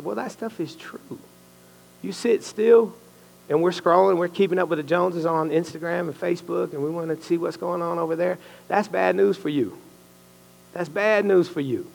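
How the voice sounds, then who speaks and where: Gravelly man preaching casually in a hall. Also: on the high side. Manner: conversational, animated, uses "bro" and "right?". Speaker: lay preacher and coach. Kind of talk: casual sermon to a small group. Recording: echoey hall with long reverb.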